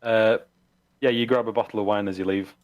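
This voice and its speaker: A man's voice: fairly low pitch, steady tone, fairly quick, highs cut off. A man narrating as game master of a tabletop role-playing game, hesitant with many fillers.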